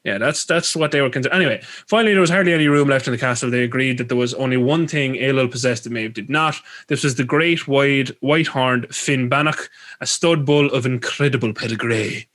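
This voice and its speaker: A man's voice: medium pitch, fairly quick, a bit bright. A man with an Irish accent hosting a podcast, retelling folklore with rambling, crude jokey asides. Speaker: podcast host. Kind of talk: comedic storytelling chat.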